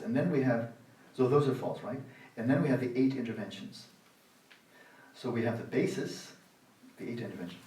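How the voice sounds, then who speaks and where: A man in his sixties giving a dharma talk at a meditation retreat, sarcastic and animated, acting out the inner voices of his students. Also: on the low side. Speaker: meditation teacher. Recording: roomy hall, voice from the mic's distance.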